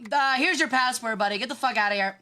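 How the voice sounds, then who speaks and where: A woman streaming a game with casual commentary. She sounds bratty, swears freely and reacts fast. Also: on the high side, bright, forceful tone.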